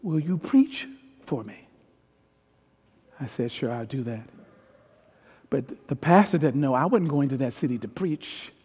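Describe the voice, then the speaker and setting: A middle-aged man preaching a storytelling sermon as a pastor, swinging from hushed tones to loud peaks. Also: mid-range voice, lively intonation, measured pace, pauses often, breathy edge. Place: large church hall. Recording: long hall reverb with faint piano. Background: soft piano.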